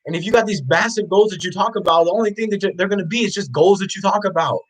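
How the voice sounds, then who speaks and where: Talking fast with barely a pause, a slightly high-voiced male motivational vlogger launches into an unscripted, profane rant captured on a rough recording. He keeps hurling the same questions, getting louder to press each one home with blunt, preachy force.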